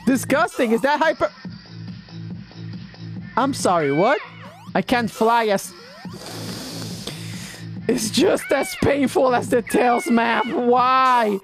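A man's voice: extremely high pitch, lively intonation, measured pace. A man giving frantic gameplay commentary, yelping, groaning and repeating himself in frustration, with game music behind him. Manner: repeats himself in exasperated loops. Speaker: gaming YouTuber.

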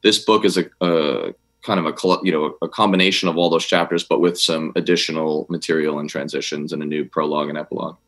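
A man, a former army officer and history teacher, answering interview questions in a rapid, excitable way with many restarts. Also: very deep voice.

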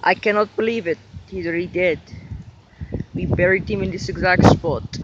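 High-pitched man yelling through a noisy skit. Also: normal speed, dull audio. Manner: excitable, swings from yelling to mumbling. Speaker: video maker voicing all characters. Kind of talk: homemade skit, switching between character voices.

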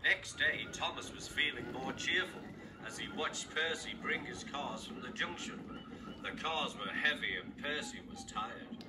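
A man narrating a children's storybook in an expressive reading style. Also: fairly high pitch, a little slow, very noisy. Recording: narration over loud music.

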